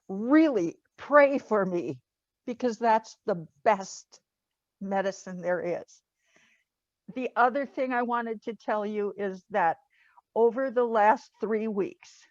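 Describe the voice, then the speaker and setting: Older lady crying a bit, slow earnest memorial words, dull muffled zoom audio. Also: mid-range voice, no room sound. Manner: earnest, slow and emphatic, religious. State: tearful, crying. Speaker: bereaved family member speaking at a memorial. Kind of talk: heartfelt memorial remarks. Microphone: video call. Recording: muffled video call audio.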